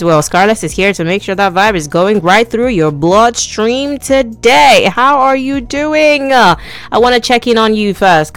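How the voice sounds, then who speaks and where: A woman's voice: mid-range voice, a bit bright, no room sound. A young woman hosting a midday radio show, chatting playfully and speaking straight to her listeners. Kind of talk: casual radio chat.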